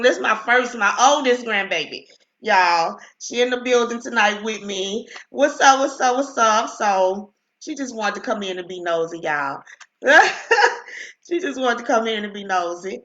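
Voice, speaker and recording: A woman's voice: fairly high pitch, normal speed, pushed and bright, reverberant, lo-fi sound. A middle-aged woman hosting a casual live stream from home, chatty and greeting viewers by name, with a lingering cough. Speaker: livestream host. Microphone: computer webcam mic.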